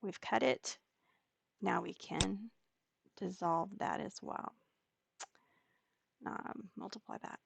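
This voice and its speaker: Slow, gravelly-voiced woman tutor. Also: fairly low pitch, lively intonation, background noise. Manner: slow, step-by-step explaining with fillers. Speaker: digital scrapbooking tutor. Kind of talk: screen-recorded software tutorial.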